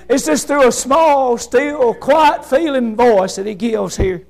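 High-voiced man preaching a fervent sermon. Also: slow, vocal fry, few pauses, a crowd in the background, poor audio. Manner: fervent, swinging from loud shouting to hushed quiet; asks the congregation rhetorical questions.

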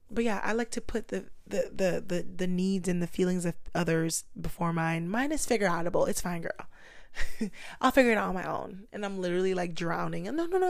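A young woman speaking candidly to her camera in a personal vlog, thinking aloud and poking fun at herself. Her voice sits a little low and the sound is dry and close, with no room echo. She flips into a higher voice whenever she quotes people. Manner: reflective, self-mocking, acts out quoted voices in higher pitch. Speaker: vlogger.

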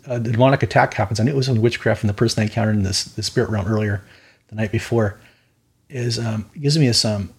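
A man's voice: medium pitch, creaky, darkish tone, slightly rough. A man who is a minister and podcast host, telling stories in a casual fireside chat. He talks earnestly, rambles off on tangents and often asks "right?". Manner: rambling, with tangents and frequent "right?" tag questions; earnest, matter-of-fact about spiritual warfare.

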